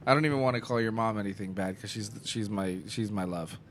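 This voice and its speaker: A man co-hosting a podcast, an animated comedian who tells stories and swears a lot. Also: on the low side, fast, slight background noise. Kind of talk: casual podcast banter.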